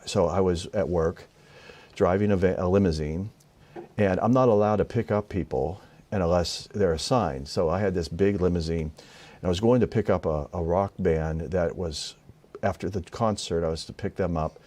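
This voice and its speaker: A man, a minister, telling a spiritual story in an interview, earnest and halting with frequent restarts. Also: deep voice, darkish tone.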